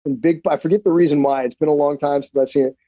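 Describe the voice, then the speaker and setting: A middle-aged man tells stories bluntly and swears freely, with an animated delivery. His voice is fairly high but mellow and dark in colour. It comes through a dry, slightly dull podcast recording. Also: fast, dry recording. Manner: profane, blunt, animated storyteller. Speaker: podcast guest, black belt instructor. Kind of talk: casual storytelling interview.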